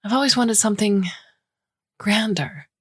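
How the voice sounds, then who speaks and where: A woman's voice: medium pitch, unhurried, husky, pitched above the performer's own voice. A woman voicing a wistful young woman who confides a secret in a half-whisper, in an audiobook reading. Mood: tearful.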